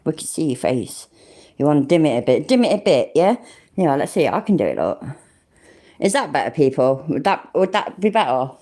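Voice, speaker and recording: A woman's voice: sits low, big pitch swings, brisk, mellow. A British woman hosting a casual livestream, swearing and laughing often as she chats. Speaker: livestream host.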